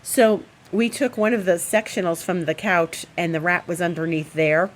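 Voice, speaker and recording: A woman astrologer host, at home, telling a story in a casual, animated and rambling way with fillers. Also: fairly low pitch, moderate pace. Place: at home, indoors.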